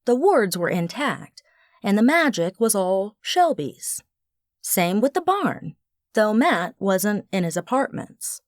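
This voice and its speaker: A woman narrating a first-person audiobook with an expressive, wry storytelling manner. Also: mid-range voice, slow, no room sound, studio quality.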